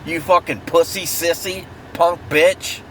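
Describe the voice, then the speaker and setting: A man's voice: on the high side, steady tone, a little slow, fairly bright tone. A man in an angry, profane true-crime rant, heated and repetitive, recorded outdoors near traffic. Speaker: vlogger.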